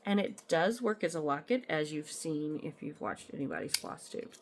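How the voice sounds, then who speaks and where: Against a noisy background, a woman with a low-pitched, animated voice talks at normal speed about her cross-stitch finds. She's at home in her apartment, chatting show-and-tell style, drifting into asides and saying um often.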